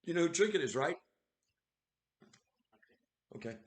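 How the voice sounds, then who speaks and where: Excitable male streamer, casual commentary, recorded in an echoey room. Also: a little high, measured pace. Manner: excitable, exclaiming, laughing often. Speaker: livestream host.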